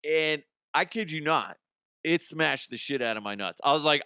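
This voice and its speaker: A man's voice: on the high side, expressive, normal speed, sharp tone, clean tone, no echo, studio quality. Middle-aged man telling crude rambling stories. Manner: rambling, profane, acts out quoted people. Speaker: comedy podcast host. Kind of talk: crude comic storytelling.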